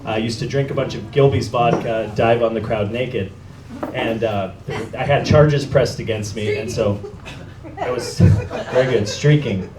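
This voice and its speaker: A man's voice: mid-range voice, a little slow. A man hosting a live storytelling night and telling a story on stage, laughing often as he goes. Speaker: event host and storyteller. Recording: echoey room, noisy live venue.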